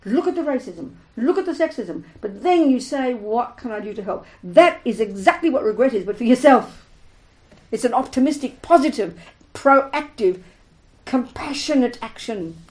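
Woman teacher, slightly high voice, emphatic and animated, dharma talk to a group. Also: normal speed, rough recording. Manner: emphatic, animated, acts out little scenes. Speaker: Buddhist teacher.

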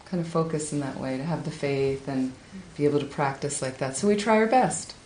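A woman giving a Buddhist talk, telling a teaching story with lively, high-pitched acted quotes. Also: fairly quick, a little hiss or hum. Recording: echoey room with faint ambience.

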